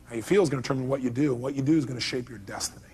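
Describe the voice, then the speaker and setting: A man's voice: mid-range voice, very fast, a little mellow, faint music behind. A man giving a live motivational seminar speech, talking emphatically and firing rhetorical questions at the audience. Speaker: motivational speaker.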